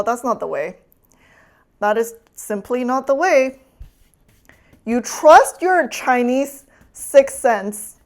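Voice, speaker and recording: Chatty higher-voiced woman streamer. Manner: chatty, teasing, laughs often. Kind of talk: casual cooking stream chat.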